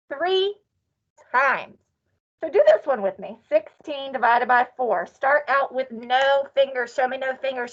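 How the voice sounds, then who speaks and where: High, lively woman teaching. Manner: sing-song, animated, playful cowgirl cheer. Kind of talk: online class lesson. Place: classroom or office. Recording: dull lo-fi sound.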